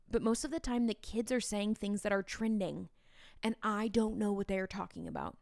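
A woman in her thirties, a teacher hosting a podcast, talking in a chatty, animated way with playful asides to the listener. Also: mid-range voice, normal speed, creaky, no room sound, studio quality. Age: 30s. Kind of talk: casual podcast talk.

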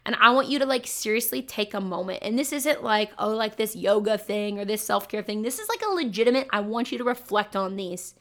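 A woman's voice: medium pitch, a little fast, hardly any pauses, a bit bright. A young adult woman, a teacher, giving an upbeat, chatty motivational talk to fellow teachers with lots of emphatic repeats. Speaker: teacher and podcast host.

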